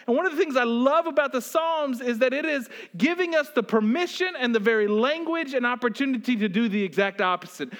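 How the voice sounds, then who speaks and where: A male pastor with a very high voice delivers a sermon. He moves from hushed, almost whispered lines to loud, pleading calls. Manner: dynamic preaching, swinging from loud pleading to hushed near-whispers.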